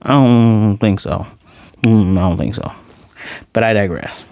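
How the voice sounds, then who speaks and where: A man's voice: on the low side, unhurried, vocal fry, a little mellow, dry recording. A man in his late thirties giving a casual, rambling anime review, often correcting himself and wandering into chatty asides. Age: 30s.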